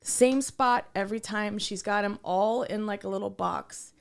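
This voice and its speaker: A woman's voice: medium pitch, moderate pace, gravelly, clean tone. A young adult woman co-hosting a podcast, telling a story in casual chat and acting out the quoted dialogue. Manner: animated storyteller who acts out quoted dialogue. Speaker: podcast co-host.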